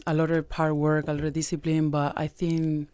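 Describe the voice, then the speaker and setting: Soft-spoken woman with a low, smooth voice. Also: completely flat delivery, normal speed, no room sound. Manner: hesitant, soft-spoken, many fillers. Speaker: guest athlete. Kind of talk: casual radio interview. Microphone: studio mic.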